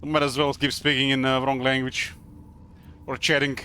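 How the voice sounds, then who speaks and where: Streaming a game live, this man gives halting, rambling commentary full of fillers. He speaks in a medium-pitched, monotone voice that's bright and forceful, with a little hiss or hum.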